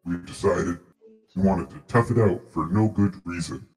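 A man's voice: deep voice, normal speed, darkish tone, faint music behind. A man playing a tabletop game who chats casually over a video call with dry, self-mocking humor. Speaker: player.

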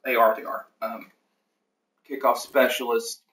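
A man's voice: medium pitch, flat delivery, unhurried, a bit bright, recorded from a distance. Chatty man, off-mic in an echoey room. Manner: chatty, rambling, with many fillers and self-corrections. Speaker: league host reviewing team depth charts. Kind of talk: casual livestream commentary.

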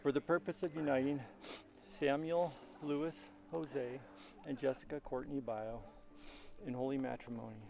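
A middle-aged man, father of the bride, officiating a wedding in a solemn, measured, formal way. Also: medium pitch, steady tone, gravelly, a little mellow, poor audio. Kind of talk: formal wedding ceremony address.

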